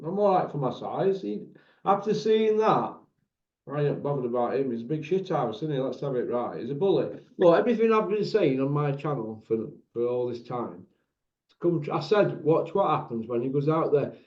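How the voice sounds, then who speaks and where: Teasing host, roomy lo-fi sound. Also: male voice, a little high, animated, moderate pace. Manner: chatty, teasing, laddish banter. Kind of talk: casual chat.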